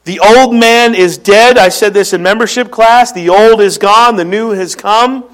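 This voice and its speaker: A man's voice: high-pitched, measured pace, fairly bright tone. A man with a Philadelphia accent preaching a sermon, earnestly teaching and explaining scripture verses to his congregation. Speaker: pastor.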